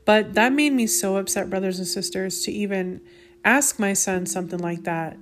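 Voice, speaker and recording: A woman's voice: medium pitch, normal speed. A woman in her thirties or forties hosting a faith podcast, speaking indignantly in a casual monologue, with many restarts and asides. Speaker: podcast host.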